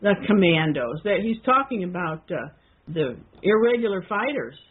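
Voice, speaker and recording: A woman co-hosting a podcast, talking through a historical text in a casual, hesitant way with many pauses and restarts. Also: on the low side, big pitch swings, phone-quality sound, crowd noise. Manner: hesitant, with frequent fillers and restarts. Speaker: podcast co-host.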